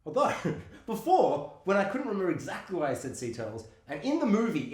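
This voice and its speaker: A man co-hosting a casual movie chat, animated and laughing often as he acts out scenes. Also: on the high side, fairly quick, hardly any pauses. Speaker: podcast co-host. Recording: roomy echo.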